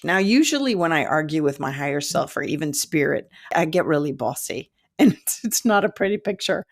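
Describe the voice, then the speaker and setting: A woman in her fifties, a psychic development teacher, telling a story in an animated, self-mocking way and laughing often. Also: sits low, fairly quick, gravelly, few pauses. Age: 50s. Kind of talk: storytelling monologue.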